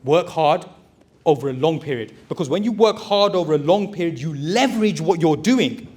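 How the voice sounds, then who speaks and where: High-voiced man giving a blunt pep talk. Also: lively intonation, moderate pace, darkish tone. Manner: direct, exhorting, addresses audience as brothers. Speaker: motivational speaker and recruitment business owner. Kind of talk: motivational talk to a live audience.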